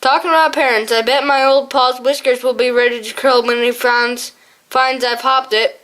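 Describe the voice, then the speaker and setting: A woman's voice: high voice, steady tone, moderate pace, a bit bright. A woman voicing a hungry, talkative young male hare with a posh, exclaiming manner, in an audiobook. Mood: chatty.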